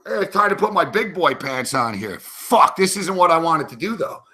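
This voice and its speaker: A man hosts a sports betting show, talking to himself as he places live bets, full of profanity and rambling agitation. His voice is on the high side, animated, pushed and bright, at a moderate pace.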